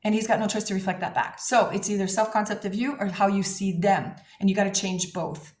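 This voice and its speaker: A woman coaching viewers on manifestation in a casual, blunt, animated way, swearing freely. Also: mid-range voice, fairly quick, reverberant. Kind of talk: casual advice talk to camera.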